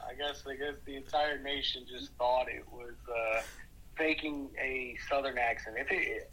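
A man's voice: mid-range voice, steady tone, normal speed, bright, forceful tone, rough recording. A man calling in as a guest on a sports podcast, talking in a wry, joking way. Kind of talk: casual phone-in interview.

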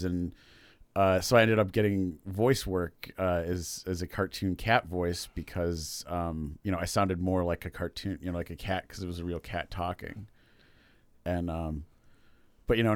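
Deep guy rambling thru a joke, dry close mic, keeps losing the thread. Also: dry recording. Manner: rambling, loses track, laughs at himself. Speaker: podcast co-host. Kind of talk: casual chat, telling a joke.

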